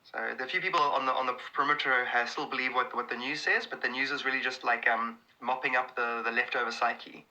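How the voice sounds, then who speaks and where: A South African comedian chatting casually on a live stream, answering viewers' comments in a rambling, excitable way with many restarts. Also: male voice, mid-range voice, quick pace, hardly any pauses, rough recording.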